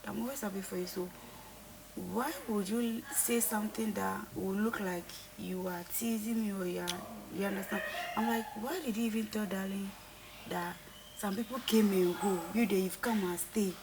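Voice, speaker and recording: A woman's voice: mid-range voice, fairly even intonation, moderate pace, gravelly, background noise. A young woman in a casual conversation, earnestly retelling a falling-out with repeated quoted dialogue. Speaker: reality show contestant.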